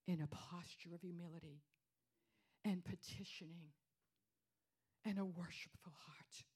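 A woman preaching a sermon, repeating her phrases for emphasis and dropping into hushed whispers before rising to loud declarations. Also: fairly low pitch, breathy edge.

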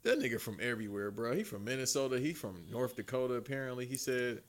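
A man's voice: medium pitch, fast talker. A man co-hosting a casual chat, joking around in slangy banter.

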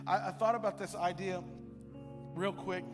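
Over music and the long reverb of a large hall, a male pastor with a high voice preaches a sermon in a church at normal speed and fairly even intonation. He's emphatic and repetitive, packing in rhetorical questions.

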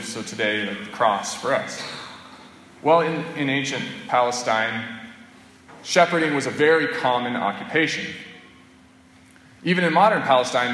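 A priest delivers a homily, telling his points in an easy, conversational way. His voice is bright and forward. The recording was made in a church, so the sound rings off the walls with a long reverb tail and faint room noise underneath. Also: medium pitch. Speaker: Catholic priest.

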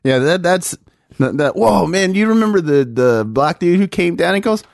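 A man co-hosting a casual chat, telling stories in an animated way, swearing freely and laughing along. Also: high voice, normal speed, vocal fry, no echo, clean studio sound. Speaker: podcast co-host.

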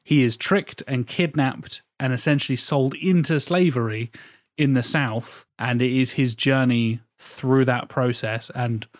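A man's voice: mid-range voice, a little slow, dry recording. Podcast host, man in his thirties from England, rambling sweary film talk, dry mic. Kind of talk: casual film chat.

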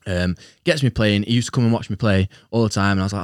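Bloke, young, chatty story with lots of laughs, dry close sound. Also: male voice, on the low side, fast talker, dry recording. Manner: self-mocking, laughs often while telling a story. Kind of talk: casual storytelling among friends.

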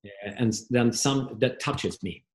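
Swedish-accented middle-aged storytelling coach. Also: male voice, medium pitch, unhurried. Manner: warm storyteller, many restarts. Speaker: guest, performance coach. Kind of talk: casual storytelling interview.

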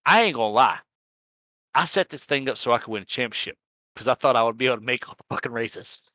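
A man rambles through a racing season recap, cursing casually and laughing at himself. His voice is bright and forceful, at an everyday pitch, and the recording sounds dry and close. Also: fast talker, no room sound. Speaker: sim racing league organizer and podcast host. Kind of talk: casual profane recap chat.

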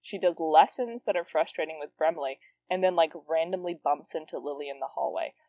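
A woman's voice: low-pitched, fairly quick, no room sound. Self-mocking woman podcast host. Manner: self-mocking, laughing, lively asides. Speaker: podcast host reading her teen novel. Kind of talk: reading aloud and casual commentary.

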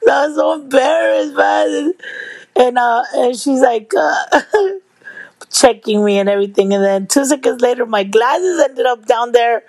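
A middle-aged woman telling stories to her viewers in a casual, lively way, laughing and swearing freely. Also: on the high side, unhurried, no room sound. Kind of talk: casual storytelling.

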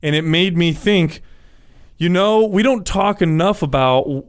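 A man's voice: high voice, lively intonation, a little slow. A man co-hosting a podcast, chatting loosely with frequent profanity and restarts. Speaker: podcast co-host. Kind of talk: casual podcast chat.

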